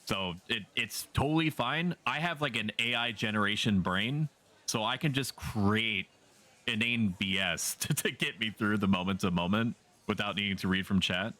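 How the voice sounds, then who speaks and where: Sardonic, low-voiced male streamer. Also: normal speed, sharp tone. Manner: sardonic, joking, swears casually. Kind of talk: casual livestream chat.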